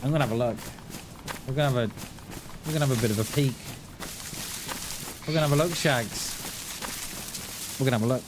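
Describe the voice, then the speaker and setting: A man's voice: mid-range voice, a little fast, pauses often, background noise. A man chatting casually while live streaming a game, laughing often and calling his viewers mate. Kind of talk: live gameplay stream chat.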